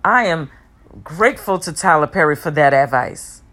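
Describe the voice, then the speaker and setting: Woman preaching forgiveness to her viewers, heartfelt and repetitive, gets fast then slows down. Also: low voice, animated, a bit bright. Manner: speeds up and slows down, talks fast at times. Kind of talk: personal motivational talk.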